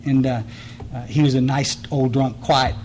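A man's voice: mid-range voice, level tone, normal speed, a little mellow, a little hiss or hum, poor audio. A middle-aged man from the Texas Hill Country, giving a blunt, earnest personal testimony at a recovery meeting, often restarting and repeating words.

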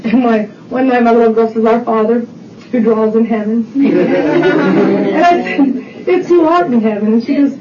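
A woman's voice: on the high side, fairly even intonation, normal speed, very noisy. A middle-aged woman shares her personal testimony at a recovery meeting, rambling and full of fillers. She is picked up from a distance in a roomy, echoing space. The sound is muffled and dull. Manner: chatty storytelling with many fillers.

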